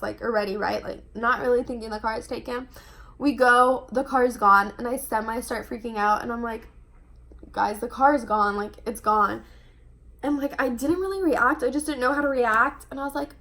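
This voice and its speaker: Young woman vlogger, high voice, chatty storytime delivery, heavy on "like". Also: a bit bright. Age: young adult. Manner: chatty, fills every phrase with "like". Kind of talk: casual storytime monologue.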